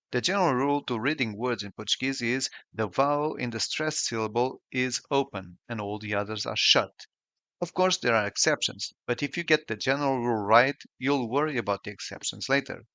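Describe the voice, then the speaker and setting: Guy reading a language lesson script, careful and slow, bright tone, dull lo-fi sound. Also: medium pitch, no room sound. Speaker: language teacher. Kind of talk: scripted narration.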